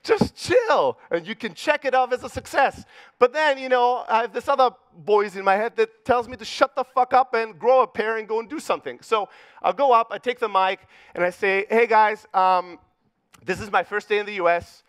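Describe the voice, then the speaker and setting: A man's voice: high-pitched, fairly quick, a bit bright, smooth, dry recording. A middle-aged man from Greece with a Greek accent, giving a keynote at a conference with punchy, profane storytelling and acted-out dialogue. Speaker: conference speaker. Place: conference stage.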